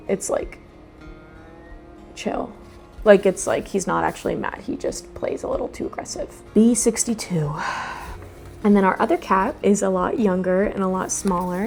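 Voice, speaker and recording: A young woman hosting a relaxed craft vlog, chatting casually and rambling into sudden asides to herself. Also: fairly low pitch. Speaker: host. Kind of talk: casual chat while doing a craft.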